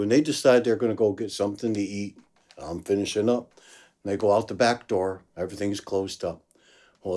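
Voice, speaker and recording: A man telling a story casually, acting out the voices of the people in it. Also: on the low side. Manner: animated storyteller, acts out quoted voices. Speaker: blues musician telling a story.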